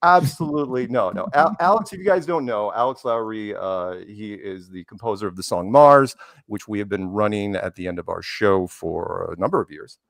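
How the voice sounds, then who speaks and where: A podcast host with a low-ish, gravelly voice and moderate pace leads a casual talk show, teasing his guests with a made-up story and quoting people in put-on voices. The sound is studio quality with no echo.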